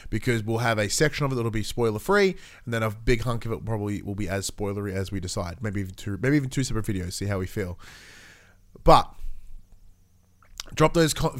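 Animated man hosting a gaming chat. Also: medium pitch. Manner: animated, swearing, fast asides. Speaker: gaming podcast host. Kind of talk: casual chat.

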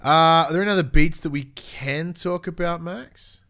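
A man, hosting a casual gaming chat, animated and quick with swearing and asides. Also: on the high side. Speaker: gaming podcast host.

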